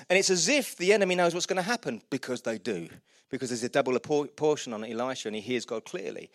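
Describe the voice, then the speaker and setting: A man preaching a sermon, retelling Bible stories with humour and animated quoted voices. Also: a little high, dry recording, studio quality. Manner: lively storytelling, voices quotes, laughs at own jokes.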